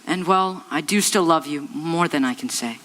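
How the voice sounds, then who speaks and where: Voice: medium pitch, moderate pace, natural voice. An actor playing an earnest, lovesick young groom pleading on a stage. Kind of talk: stage musical acting.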